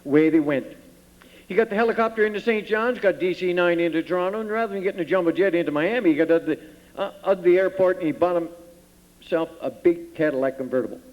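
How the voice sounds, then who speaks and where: A man with a Cape Breton accent emcees a pageant on a large theater stage, reeling off folksy jokes at a rapid clip. His voice sits a little high. The recording is dull and washed in long hall reverb. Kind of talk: joke telling on stage.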